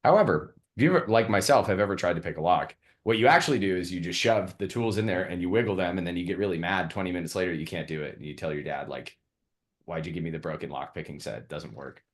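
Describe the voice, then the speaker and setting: Man, low voice, co-host, relaxed storyteller, casual business chat. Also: fast talker, hardly any pauses. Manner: laid-back storyteller, casual swearing.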